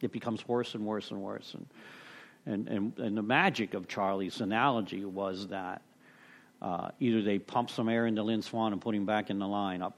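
A man's voice: lowish voice, steady tone, normal speed. A middle-aged man sharing at a recovery meeting, rambling through a story with many restarts, "you know"s and casual cursing.

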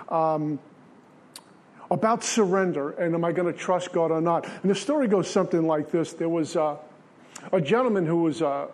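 A man with a somewhat higher voice than most men shares his personal testimony at a recovery meeting. He speaks earnestly in plain everyday language, telling the story step by step as a lesson. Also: a little mellow.

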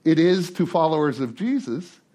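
Leading a twelve-traditions study series, a man speaks casually to a recovery group in a slightly high, dark-toned voice at normal speed. He's animated, joking around and echoing his own words as he thinks.

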